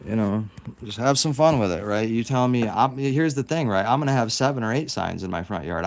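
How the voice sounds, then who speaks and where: A man with a somewhat low voice rants straight at the camera. He swears freely, mocks his listeners with sarcasm, and keeps circling back over the same words. He is from the United States. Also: vocal fry. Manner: profane, sarcastic, repeats himself and trails off. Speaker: self-represented litigant. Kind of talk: angry direct-to-camera rant.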